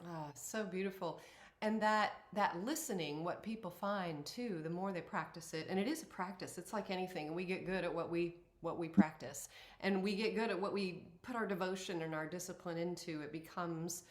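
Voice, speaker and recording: A woman's voice: lowish voice, normal speed. Affirming woman host in an echoey room. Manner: warm, affirming, animated when acting out inner voices. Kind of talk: conversational interview.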